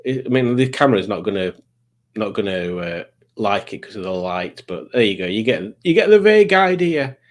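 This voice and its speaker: A man's voice: on the low side, big pitch swings, normal speed. A middle-aged British man hosting a live chat stream, rambling, self-mocking and easily sidetracked. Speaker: livestream host.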